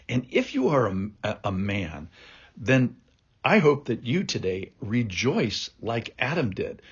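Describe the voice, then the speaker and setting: Earnest gravelly-voiced male preacher. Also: mid-range voice, big pitch swings, a little slow, highs cut off. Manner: earnest, reflective, with restarts. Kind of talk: sermon.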